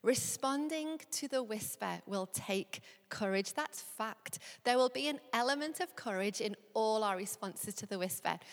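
A young woman giving an earnest, measured sermon, slowing down as she reads scripture. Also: high-pitched. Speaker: preacher. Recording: long hall reverb.

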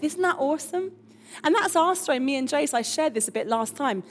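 A woman pastor preaching a lively, chatty sermon with emphatic asides. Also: high voice, fairly quick, slight background noise.

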